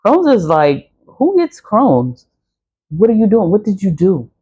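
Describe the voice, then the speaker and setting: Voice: mid-range voice, wildly swooping pitch, unhurried, darkish tone, husky, muffled recording. A speaker in their forties talking casually about spiritual cleansing, with a mid-range voice that sits between typical male and female registers. They sound blunt and preachy, come back to the same points again and again, and swear without holding back. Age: 40s. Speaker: spiritual practitioner selling cleansing products.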